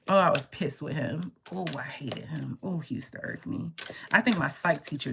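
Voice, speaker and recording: A woman tarot reader chatting casually on a live stream, telling stories in an animated way and swearing freely. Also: low-pitched, measured pace, creaky, a little hiss or hum.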